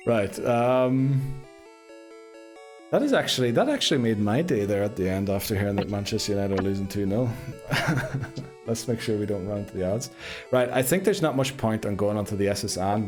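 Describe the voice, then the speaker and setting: A man's voice: fairly low pitch, darkish tone. Chatty man hosting a live stream. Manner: chatty, laughing, greets viewers by name. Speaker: streamer host. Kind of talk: casual live-stream chat.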